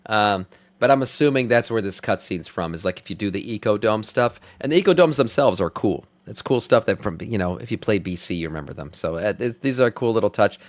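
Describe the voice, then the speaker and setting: A man's voice: on the low side, animated, brisk, no room sound. A man hosting a stream, reacting with casual, offhand commentary that rambles and swears. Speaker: streamer host.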